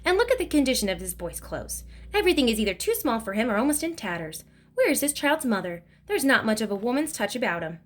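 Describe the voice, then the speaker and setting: Woman reader doing a warm, no-nonsense mother figure from a storybook. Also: a little high, very animated, fast. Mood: disapproving. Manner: warm with the child, sharp with her father. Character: kind but scolding grown woman, a mother.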